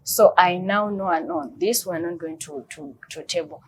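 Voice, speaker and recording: A woman's voice: on the low side, normal speed, crowd noise. A woman speaks earnestly as an interview guest, often repeating words while she searches for what to say next. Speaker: guest talking about her husband's illness. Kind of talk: emotional interview talk.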